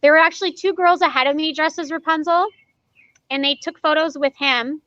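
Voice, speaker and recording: An animated woman tells stories in a casual interview, acting out the dialogue and laughing as she goes. Her voice is bright and forceful. The recording is dry and a little dull. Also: high-pitched, fairly quick, no echo. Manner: animated, acts out quoted dialogue, laughs often. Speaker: party character performer.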